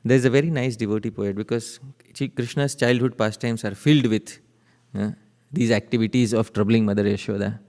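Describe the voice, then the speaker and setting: A man's voice: fairly low pitch, steady tone, brisk, a little mellow. A man preaching a devotional sermon, telling stories and asking his audience questions. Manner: chanting verses, asking the audience rhetorical questions. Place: temple hall. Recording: reverberant temple hall.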